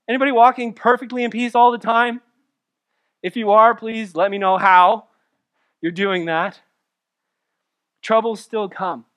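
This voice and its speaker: A male pastor delivering a sermon, swinging from loud emphatic lines to soft, intimate asides. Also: high-pitched.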